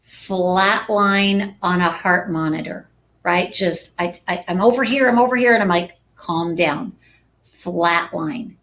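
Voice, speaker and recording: A woman's voice: mid-range voice, a little slow, a bit bright. A woman teaching real estate agents in a conversational live-stream talk, often checking in with "right?". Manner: conversational, frequent tag questions.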